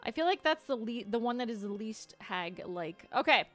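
A woman streaming a game and chatting casually with viewers, bubbly and quick to thank them, rambling along with lots of "like" in her speech. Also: fairly high pitch, expressive, fairly bright tone, faint music behind. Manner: rambling, filler-heavy speech full of "like". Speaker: VTuber streamer playing a game. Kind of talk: casual gameplay chat with viewers.

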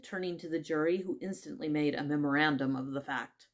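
A woman reading a classic children's story aloud in measured narration. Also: deep voice. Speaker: audiobook reader.

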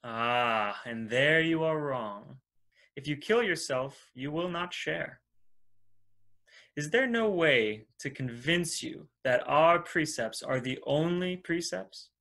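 A man's voice: on the high side, expressive, slow, pushed and bright, heavily acted. An actor playing a formal, persuasive male messiah and cult leader in an audio drama. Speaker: antagonist.

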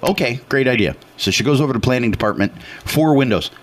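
A man's voice: mid-range voice, fast talker. Chatty man telling a story on radio. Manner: animated anecdote teller, chatty, many fillers. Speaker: radio talk show co-host. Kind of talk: casual storytelling on talk radio.

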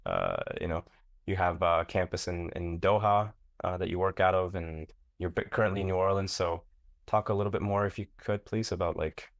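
A man interviewing a guest, asking casual, halting questions full of fillers. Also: low voice, animated, creaky, no echo.

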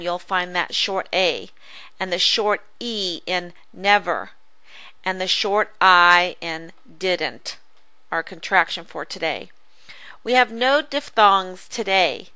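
A woman tutor giving a phonics lesson, speaking slowly and over-enunciating each sound for young readers. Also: on the low side, pushed and bright, clean tone, no echo. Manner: slow, careful, over-enunciated teaching. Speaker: reading tutor.

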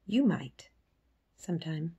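A woman's voice: low voice, big pitch swings, slow, dark tone, husky, dull audio, full character voice. A woman reading aloud, voicing a blunt, stubborn young girl who speaks obstinately. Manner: obstinate, unsympathetic.

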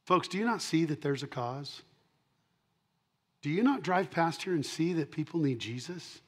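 In his sermon, a middle-aged male pastor swings from loud, emphatic punches to quiet asides and repeats his key lines for emphasis. He sounds animated, his voice is slightly high, and he keeps a moderate pace.

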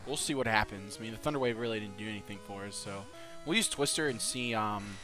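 A man's voice: lowish voice, fast talker, over music. A young man hosting a let's play, giving casual gameplay commentary and breaking into giddy laughter and swearing.

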